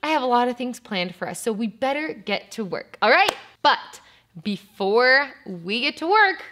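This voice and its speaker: Animated woman teaching preschoolers. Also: a little high, normal speed, a little hiss or hum. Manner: animated, sing-song, talks to kids. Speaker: children's church teacher. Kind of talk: preschool Bible lesson.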